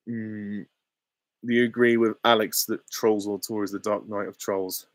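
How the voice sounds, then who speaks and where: A man's voice: on the low side, little pitch movement, moderate pace, no room sound, clean studio sound. A young adult man hosting a casual live Q&A, reading out chat questions and giving short, offhand, easygoing answers. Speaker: channel host.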